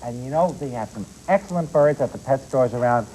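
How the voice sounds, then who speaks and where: A man's voice: medium pitch, animated, fairly quick, warm tone, slight background noise, poor audio. A man appearing as a pet expert on a children's TV show, explaining animals and quizzing the children in the studio. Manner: explanatory, addresses children directly with questions.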